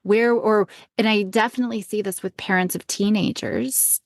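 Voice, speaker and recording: Gravelly-voiced woman chatting on a podcast. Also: medium pitch, fairly even intonation, normal speed, no echo, clean studio sound. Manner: chatty, trails off and restarts often. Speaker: parenting podcast co-host. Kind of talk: casual conversational chat.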